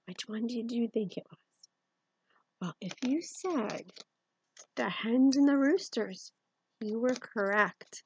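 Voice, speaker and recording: A woman giving a gentle, encouraging music lesson to children, asking her young listeners questions as she explains. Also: fairly high pitch, takes it slowly, long pauses, lo-fi sound, a little hiss or hum. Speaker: music teacher.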